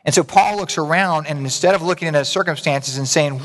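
A man's voice: on the high side, brisk, hardly any pauses, fairly bright tone. A man preaching a sermon in a conversational, folksy way, with asides to the congregation. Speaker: pastor. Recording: reverberant hall.

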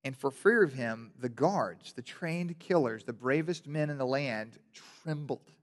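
A male pastor preaching a sermon, telling the story animatedly and building to loud, passionate emphasis. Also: mid-range voice, a little slow. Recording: long hall reverb.

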